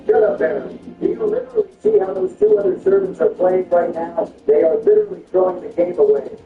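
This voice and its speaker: A man performing a comedic skit over gameplay, switching between a deep bossy voice and high whiny ones. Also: huge pitch swings, fairly quick. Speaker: gaming video creator. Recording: roomy, distant, dull sound with faint music.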